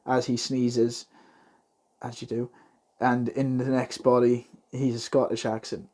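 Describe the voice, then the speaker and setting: Man, podcast co-host, casual chat, animated, jokey asides. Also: mid-range voice, a little slow. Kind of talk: casual chat reading fan theories.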